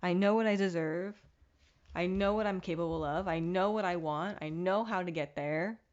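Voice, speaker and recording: A woman's voice: lowish voice, moderate pace, a little mellow, muffled recording. A woman hosting her own podcast, talking candidly and reflectively in a casual motivational monologue with the odd curse. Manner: candid, reflective, mildly profane self-help talk. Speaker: podcast host.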